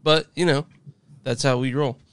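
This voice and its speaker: A man co-hosting a movie podcast in casual chat, laid-back and low-key, with a groggy morning voice. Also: steady tone, moderate pace, a bit bright, no echo. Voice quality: gravelly. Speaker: podcast co-host.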